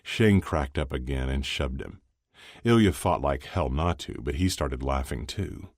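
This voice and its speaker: A man narrates a story in a steady, even storytelling delivery. His voice is extremely low and deep. The recording is close and dry, with no room sound. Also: a little slow, no room sound. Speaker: audiobook narrator. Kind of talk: scripted narration.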